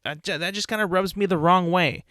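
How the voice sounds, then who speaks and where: A man's voice: high-pitched, brisk, sharp tone, no echo, studio quality. A young man hosting a solo podcast, ranting in exasperation with plenty of swearing. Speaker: podcast host.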